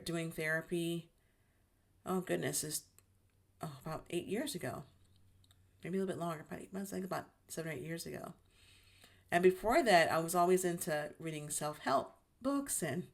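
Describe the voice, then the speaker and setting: A woman hosting her own channel, talking in a gentle, reflective monologue about healing, with frequent restarts as she searches for words. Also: low-pitched. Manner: gentle, self-reassuring, many restarts. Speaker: YouTube channel host.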